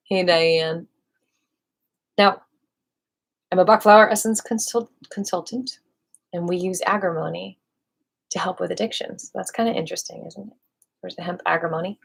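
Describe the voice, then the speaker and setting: A woman with a lowish voice and vocal fry hosts a live video, reading dictionary entries aloud. She adds playful, musing asides to her viewers and sometimes drops into a soft whisper.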